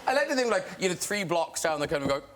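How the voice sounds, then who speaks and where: A man's voice: high voice, very animated, rapid-fire, heavy background noise. A man hosting a talk show, chatting and prompting his guests. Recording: studio audience laughter behind.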